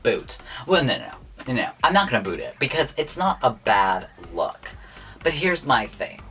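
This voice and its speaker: A man's voice: medium pitch, very animated, normal speed, pushed and bright, faint music behind. A young man in a casual vlog, chatting through his opinions on contestants' looks, gushing one moment and blunt the next. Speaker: YouTuber reviewing contestants' looks.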